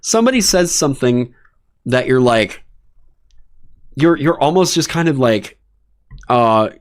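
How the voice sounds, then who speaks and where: Animated, swearing man ranting on stream. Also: medium pitch, measured pace. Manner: animated, profane ranting with exasperated asides. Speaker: streamer hosting a dungeon design stream. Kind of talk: casual livestream chat.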